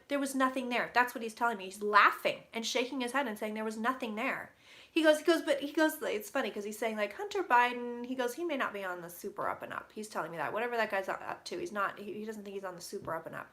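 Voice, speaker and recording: A woman giving a casual psychic reading, relaying what she hears in quick quotes and swearing casually. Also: a little high, sharp tone. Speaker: psychic reader. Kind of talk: casual intuitive reading to camera.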